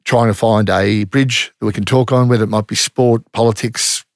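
A man's voice: lowish voice, steady tone, normal speed, gravelly, no echo, studio quality. A middle-aged man with an Australian accent, a former undercover police officer telling stories in a casual interview, blunt and matter-of-fact with plenty of slang.

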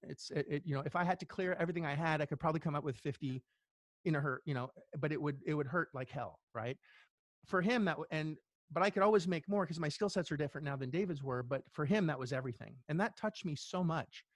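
Brief: earnest middle-aged male guest, slightly high voice, dry close recording, halting storyteller. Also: dry recording. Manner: earnest, halting, tearful at times. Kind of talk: emotional personal story in an interview.

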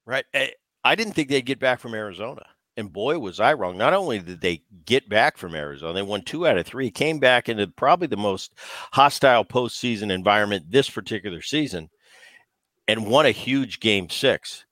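A man's voice: on the low side, dry recording. Guy co-hosting a sports chat, ex-player, rambly and fired up, dry studio sound. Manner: animated, rambling with restarts. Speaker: co-host, former player. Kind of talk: casual sports talk.

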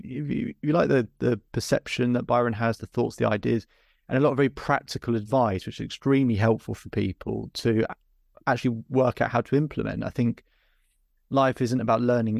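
A man's voice: on the low side, gravelly, darkish tone, no echo, clean studio sound. A man hosting a podcast interview who speaks reflectively and tells a story, sometimes restarting his sentences. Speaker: podcast host.

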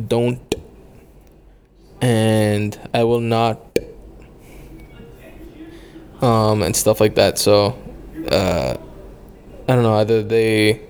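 A man's voice: lowish voice, darkish tone, slight background noise. A young man chatting loosely about his travels, rambling with lots of fillers and casual swearing. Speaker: travel vlogger.

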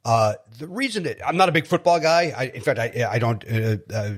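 A man, telling stories as a podcast guest in an animated, joking way. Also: mid-range voice. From South Side of Chicago. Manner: animated storyteller, quick jokey asides. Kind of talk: casual chat.

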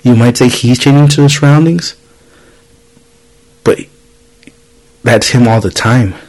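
Podcast host, man in his thirties, loose profane storyteller, middle-pitched voice. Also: measured pace, a little mellow, rough recording. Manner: storytelling, swears freely, acts out quoted voices. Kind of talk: casual chat.

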